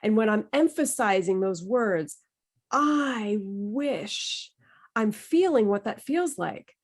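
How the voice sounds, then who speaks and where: Slow-speaking woman leading a playful workshop. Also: mid-range voice, very animated, darkish tone. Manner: playful, encouraging, demonstrates emotions with her voice. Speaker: workshop leader. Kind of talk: online workshop instruction. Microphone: video call.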